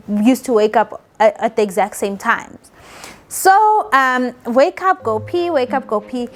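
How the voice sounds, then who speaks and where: Chatty South African woman telling a story. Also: on the high side. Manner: chatty, animated, acts out quoted voices. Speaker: vlogger. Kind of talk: casual storytelling.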